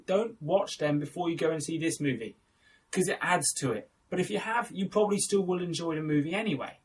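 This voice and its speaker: A man's voice: a little high, a little hiss or hum. A young man hosting a casual film review, chatty and enthusiastic, correcting himself as he goes.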